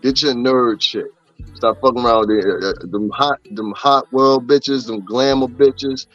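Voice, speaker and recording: Brief: male streamer, mid-pitched, profane and playful, slightly muffled audio with faint music underneath. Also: unhurried, fairly bright tone, no echo. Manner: profane, joking, talks to chat. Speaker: gossip livestream host. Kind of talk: casual livestream commentary.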